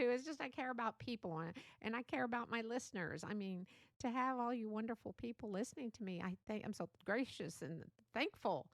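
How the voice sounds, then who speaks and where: A woman's voice: on the high side, lively intonation, a little fast, gravelly, no echo. An older woman hosting a solo podcast, chatty and motherly, laughing often as she talks. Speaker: podcast host. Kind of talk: casual solo podcast talk.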